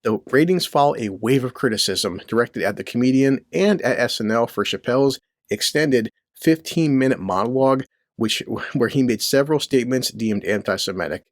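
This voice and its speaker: A man's voice: mid-range voice, normal speed, no room sound, clean studio sound. Blunt, profane middle-aged man ranting. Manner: blunt, crude, ranting, rhetorical questions. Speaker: commentary channel host. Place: home basement near a boiler.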